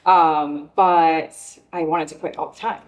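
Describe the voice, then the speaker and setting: Woman, lowish voice, relaxed soft-spoken guest in a casual podcast chat. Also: measured pace, lo-fi sound. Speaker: gym client, guest.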